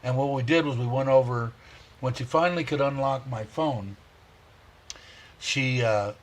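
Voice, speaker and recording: A man hosting a casual livestream, rambling warmly, chuckling and reading viewer comments aloud. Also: mid-range voice, measured pace. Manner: heartfelt, chuckles often. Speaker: livestream host.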